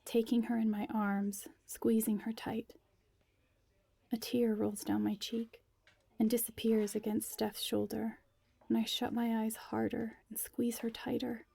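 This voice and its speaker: Warm, slow woman narrating a story. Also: fairly high pitch, flat delivery, vocal fry, slightly rough, dry recording. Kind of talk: first-person story reading.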